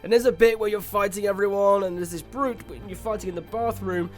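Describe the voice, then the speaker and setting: A fairly high-pitched man talks through a video game review in quick, excitable bursts. He reacts loudly to the big moments. Game music plays clearly under his voice.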